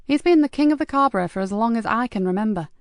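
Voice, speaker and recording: A hard-edged female detective inspector, blunt and forceful, read by a woman narrating an audiobook. She sounds direct and no-nonsense, pitched a little above the narration. There is a gravelly texture in the voice. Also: expressive, fast, no echo, studio quality. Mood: brisk.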